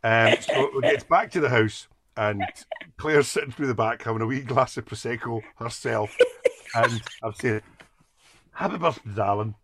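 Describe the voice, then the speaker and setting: A Scottish man on a podcast, telling animated anecdotes and laughing often. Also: mid-range voice, normal speed, heavy background noise. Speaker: podcast guest. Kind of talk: casual storytelling.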